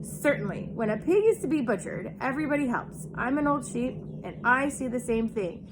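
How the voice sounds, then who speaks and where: A woman's voice: high-pitched, animated, moderate pace, background noise. A woman reading aloud, voicing an old female sheep who delivers bad news bluntly. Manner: blunt, matter-of-fact gossiping.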